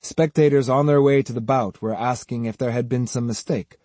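A man's voice: mid-range voice, fairly even intonation, moderate pace, darkish tone, no room sound. A man reading a novel aloud as an audiobook narrator, giving each character a voice. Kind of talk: scripted narration.

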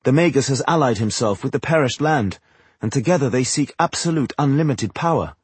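A man's voice: medium pitch, expressive, fairly quick, slightly rough, no room sound, pitched above the performer's own voice. A man putting on a scornful proud sorceress. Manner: blunt, scornful.

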